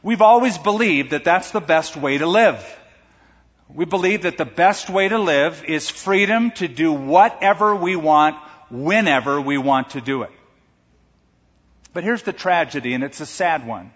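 An American preacher delivers an earnest sermon in a fairly high voice. His voice carries a long reverb through what sounds like a church sanctuary, and the recording sounds dull and muffled. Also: animated, measured pace, a bit bright. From United States. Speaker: pastor.

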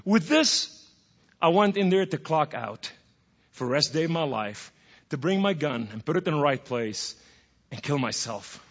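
A middle-aged man preaches a theatrical testimony with a gravelly, husky voice. His pitch leaps and drops widely as he swings from hushed tones to loud outbursts. The recording is dull and lo-fi, with a long echo from a large hall. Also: animated, moderate pace. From Middle East. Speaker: guest speaker giving testimony.

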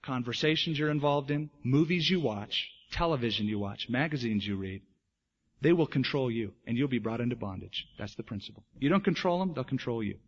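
A man preaching a sermon as pastor, lively and emphatic, acting out the voices of people in his stories. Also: medium pitch, brisk, husky. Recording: dull lo-fi sermon recording.

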